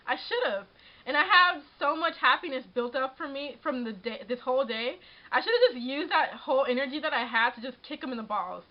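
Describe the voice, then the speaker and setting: A young woman with a high, bright-pitched voice tells a story in a casual vlog. She sounds animated and exasperated and keeps saying "like". The audio is dull and lo-fi, as from a webcam. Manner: animated, exasperated, frequent laughs and "like". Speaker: vlogger.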